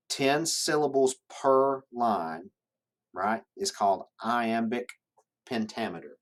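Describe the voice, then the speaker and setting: Lower-voiced man lecturing a class. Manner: explanatory, checks in with "right?". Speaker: teacher. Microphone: camera in classroom.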